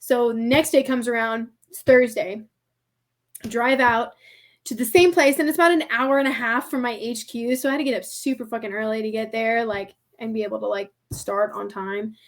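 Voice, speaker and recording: High-voiced chatty young woman storyteller. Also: steady tone, moderate pace. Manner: chatty, heavy use of "like", laughs often. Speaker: podcast guest. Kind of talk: storytelling in a casual interview.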